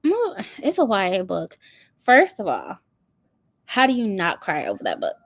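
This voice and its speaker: A woman's voice: medium pitch, huge pitch swings, normal speed, vocal fry, a bit bright, no room sound, clean studio sound. A woman hosting a book channel, chatting casually and animatedly with frequent laughter. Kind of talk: casual livestream chat.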